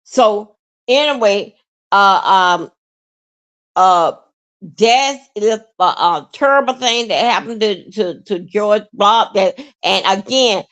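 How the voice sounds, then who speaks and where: A woman hosting a livestream, rambling in a halting, repetitive way with many fillers and plenty of emotion. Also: mid-range voice. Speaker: livestream host. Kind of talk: rambling live-stream monologue.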